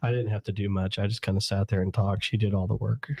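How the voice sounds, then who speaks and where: A slightly hoarse man with a cold, co-hosting a paranormal live stream in an easygoing, self-deprecating way. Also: fairly low pitch, flat delivery, quick pace, a little mellow. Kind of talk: casual live-stream chat.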